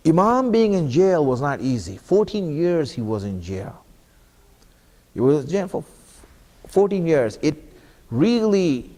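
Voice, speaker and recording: The recording, steeped in long hall reverb, captures a speaker at an Islamic center delivering a sincere sermon in a mosque hall. His fairly high, slightly mellow voice keeps returning to questions aimed at the congregation.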